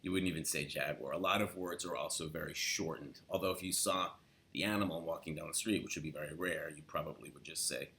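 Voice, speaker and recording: A man from Los Angeles with a Southern California accent tutors listeners on how locals say words, in a casual spoken lesson. His voice is very deep and gravelly and he talks fast, staying relaxed while demonstrating words in quoted example sentences.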